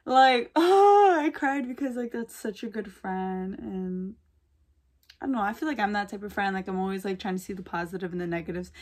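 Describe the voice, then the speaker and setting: A woman's voice: mid-range voice, animated, normal speed, darkish tone. A young woman vlogger who chats casually while doing her makeup. She gushes and gossips in slangy talk with lots of "like". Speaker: beauty vlogger. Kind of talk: casual chat during a makeup tutorial.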